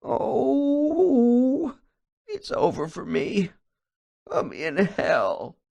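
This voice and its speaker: A man voicing a terrified evangelical preacher who cries out in a shrill, shouting voice. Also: big pitch swings, slow pace, highs cut off, heavily acted. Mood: despairing. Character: terrified male evangelical preacher, fiery, shaken, stubborn.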